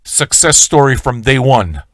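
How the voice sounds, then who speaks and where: A man's voice: mid-range voice, animated, measured pace, no room sound. A man hosting a live-stream radio show, ranting in a swaggering, profane way and talking straight to his viewers. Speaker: livestream radio host.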